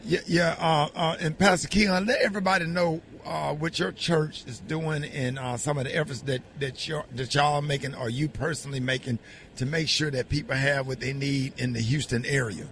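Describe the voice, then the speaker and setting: A man hosting a morning radio show outdoors, excited and upbeat. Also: fairly high pitch, moderate pace, slight background noise. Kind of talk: lively morning radio talk. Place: outdoors at a charity mission.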